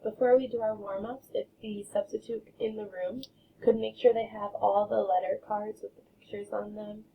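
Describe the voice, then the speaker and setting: A woman teaching a phonics lesson to kindergartners, modeling sounds and words slowly and clearly. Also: mid-range voice, flat delivery, dark tone, a little hiss or hum. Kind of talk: recorded remote phonics lesson. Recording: dull lo-fi sound from off-mic.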